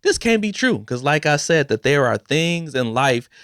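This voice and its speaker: A man's voice: a little high, big pitch swings, moderate pace, a bit bright, no room sound, studio quality. A man hosting a podcast, talking candidly and emotionally in a casual, personal style, with slang like "bro" and "man". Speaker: podcast host. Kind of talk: personal reflective talk.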